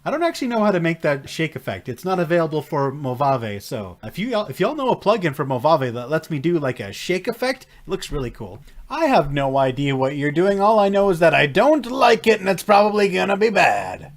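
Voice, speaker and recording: A man giving casual reaction commentary on a show, jokey and animated, laughing often and mock-scolding the characters. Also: fairly high pitch, a little fast, few pauses. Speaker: anime and tokusatsu reaction reviewer.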